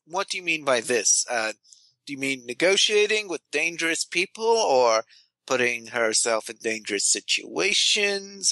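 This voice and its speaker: A man playing a tabletop role-playing game, rambling and hesitant, with many pauses and fillers. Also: on the high side, bright, forceful tone, no room sound. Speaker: player.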